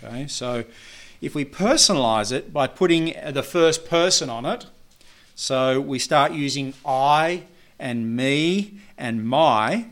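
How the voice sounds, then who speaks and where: A man preaching a sermon, talking in a measured, earnest way and often pausing on fillers and restarts. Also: medium pitch, fairly bright tone. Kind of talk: sermon teaching.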